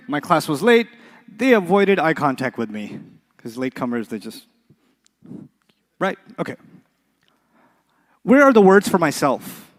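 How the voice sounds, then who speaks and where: A man's voice: sits high, long reverb tail. A man teaching an Arabic class, quizzing the students with call-and-response questions and playful examples. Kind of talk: classroom lecture.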